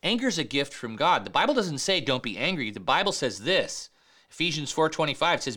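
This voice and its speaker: A man preaching a sermon in a conversational, emphatic way, often dropping soft and low to stress a point. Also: big pitch swings, normal speed. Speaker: pastor.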